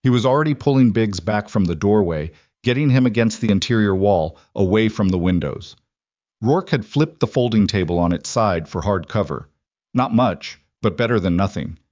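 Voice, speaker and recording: Low-voiced male thriller narrator. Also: moderate pace, dry recording, muffled recording. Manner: steady, dramatic storytelling. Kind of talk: scripted narration.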